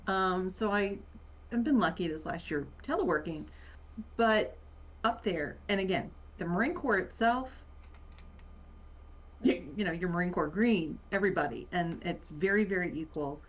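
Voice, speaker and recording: A woman's voice: fairly low pitch, expressive. Casting note: woman, Virginia accent, easygoing guest on a video call, muffled lo-fi sound, lots of ums. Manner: rambling, many pauses and fillers, laughs often. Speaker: podcast guest. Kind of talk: casual conversation. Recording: muffled lo-fi audio.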